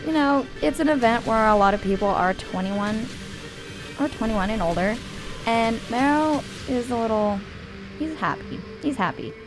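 A woman's voice: a little high, expressive, moderate pace, over music. A woman in a casual chat, talking hesitantly and laughing often.

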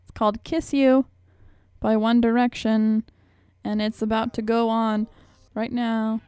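A woman's voice: fairly high pitch, level tone, measured pace, a little mellow, clear, resonant tone, no room sound. A young woman hosting a radio show, talking in a rambling, chatty, self-mocking way. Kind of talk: casual chat.

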